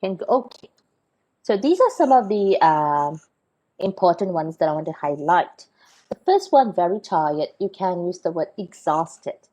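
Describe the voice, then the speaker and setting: Woman teacher, lowish husky voice, patient explainer, lots of "okay?" and "right?" checks. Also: big pitch swings, a little slow, dark tone, rough recording. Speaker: English teacher. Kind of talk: recorded vocabulary lesson.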